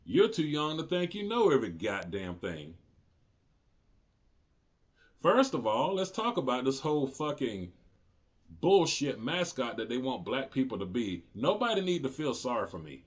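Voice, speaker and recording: A man's voice: medium pitch, big pitch swings, moderate pace, husky, muffled recording. A man in his forties hosting his own political commentary show, talking unscripted, heated and profane, often rising into indignant outbursts. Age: 40s.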